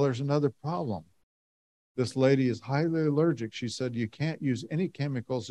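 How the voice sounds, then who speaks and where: A man's voice: mid-range voice, a little mellow. A middle-aged man telling a long personal story to a church audience in a folksy, rambling way, full of "and, uh" fillers. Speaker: lay speaker giving a talk. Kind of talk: storytelling talk to a congregation.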